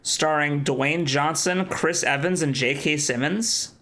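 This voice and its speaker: A man co-hosting a podcast in casual chat, excitable and leaning on "like" as he talks. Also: fairly high pitch. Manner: excitable, fast bursts, heavy use of "like". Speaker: podcast co-host.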